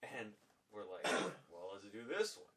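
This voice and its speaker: A young man with a lowish voice spins a rowdy story as a podcast guest, acting out the other people's lines. He swears often and keeps it loose and animated. He sits a bit back from the mic, so he sounds distant. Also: measured pace. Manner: animated, swears freely, acts out quoted dialogue. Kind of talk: casual storytelling chat.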